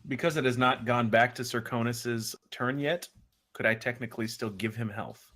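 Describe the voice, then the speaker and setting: A man in a casual tabletop session who weighs his options out loud. He trips over his words and fills the gaps with ums. His pitch sits in an ordinary middle range. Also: steady tone, normal speed. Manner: hesitant, full of ums and restarts. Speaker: player. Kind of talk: casual tabletop game talk.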